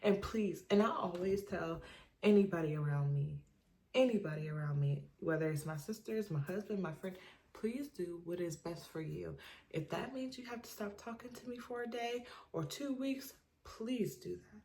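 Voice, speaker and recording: A woman's voice: fairly low pitch, normal speed, a little mellow. A young adult woman talking casually to camera in an emphatic, chatty way, often asking "you know what I mean". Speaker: vlogger. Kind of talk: casual advice monologue to camera.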